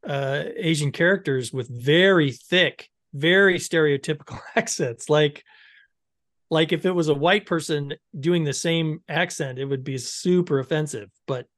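Man with a slightly high voice. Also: a little slow, fairly bright tone, no echo, studio quality. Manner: questioning, lots of fillers. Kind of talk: casual discussion.

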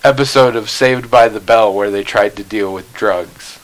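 A man's voice: lowish voice, moderate pace, poor audio. A man hosting a casual podcast, rambling and sarcastic, swearing freely and laughing at his own jokes. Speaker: podcast host.

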